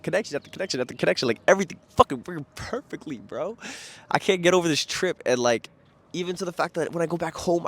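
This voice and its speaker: A young man from New York with a New York accent, rambling casually and excitably about a trip, slangy and profane, losing his train of thought. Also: medium pitch, no room sound. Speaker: vlogger.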